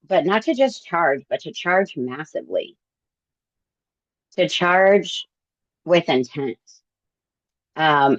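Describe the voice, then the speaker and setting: Middle-aged woman, book club member, slow and reflective with lots of "um"s, lowish voice, slightly muffled dry sound. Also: no room sound. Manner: halting, reflective, many fillers. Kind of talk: casual group discussion.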